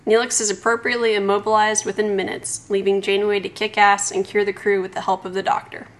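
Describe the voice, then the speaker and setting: A woman's voice: mid-range voice, level tone, quick pace. A woman co-hosting a podcast, giving a wry recap and chatting casually. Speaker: podcast co-host. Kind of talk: casual chat with episode recap.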